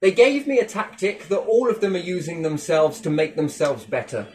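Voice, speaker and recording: Bloke, a bit high-voiced, sarky sweary rant, faint noise behind. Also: male voice, moderate pace, a little mellow. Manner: mocking, sweary, with big sarcastic swings in tone. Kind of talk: sarcastic monologue rant.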